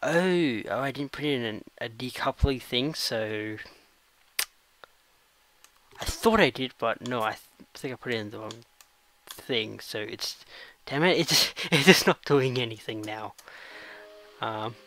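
A man's voice: mid-range voice, measured pace, pauses often, poor audio. A man hosting casual let's-play game commentary, rambling and giggly, cracking jokes as he goes. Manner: wears headphones while talking. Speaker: gaming channel host. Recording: loud steady background noise.

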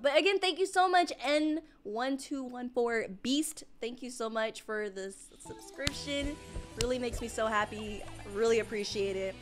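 A young woman live-streaming a game in a high, bright voice that leaps all over the place. She talks in excited, panicky bursts and keeps repeating herself, with faint music underneath. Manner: excitable, panicky, talks fast with many "oh my gosh".

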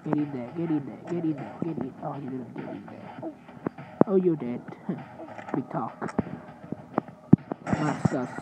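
A man giving sleepy, swear-filled gaming commentary, trash-talking opponents and mocking himself, with loud game noise underneath. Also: a little high, measured pace, gravelly, long pauses. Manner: sleepy, swearing trash talk with self-mockery. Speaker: gamer. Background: loud game sounds.

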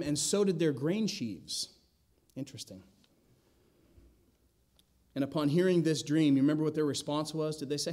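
A man's voice: on the high side, normal speed, pauses often, a little mellow. A man preaching an expository sermon in a church, asking the congregation rhetorical questions and adding wry asides. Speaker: pastor. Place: church sanctuary.

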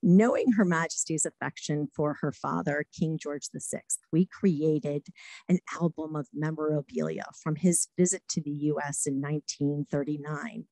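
A middle-aged woman, a former diplomat, giving a talk full of lively anecdotes and acted-out quotes. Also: sits low, no room sound, low-quality recording. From United States. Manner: lively anecdotes, acts out quotes, laughs often. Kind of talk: storytelling talk.

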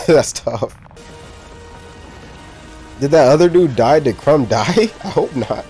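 A man's voice: a little high, big pitch swings, slow, darkish tone, soft background music. A young man casually reacting to a movie, talking in loose slang, cursing and laughing a lot.

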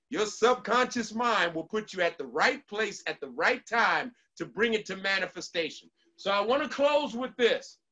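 A man's voice: high-pitched, bright, forceful tone, poor audio. A man giving a motivational speech, talking emphatically and repeating his affirmations again and again. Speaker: motivational speaker.

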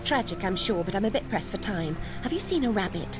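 Woman doing a sharp posh girl in a game, lively voice, music behind. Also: medium pitch, brisk, natural voice. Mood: curt. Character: brisk proper young girl heroine, sharp-tongued. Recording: game audio under music.

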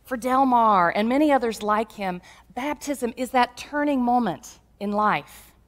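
A woman pastor preaching a sermon, telling stories in an animated, humorous way. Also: fairly high pitch, a little slow.

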